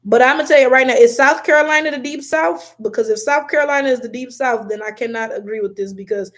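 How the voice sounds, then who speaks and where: A young woman from Detroit with an African American English accent, hosting a livestream and reading chat out loud in a blunt, animated, profane way. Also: on the high side, quick pace. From Detroit, USA. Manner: animated, blunt, swears a lot, laughs often.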